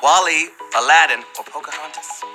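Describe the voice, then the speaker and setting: A man hosting a live trivia game show in a playful, slangy, animated way, teasing the players. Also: a little high, moderate pace, over music, rough recording.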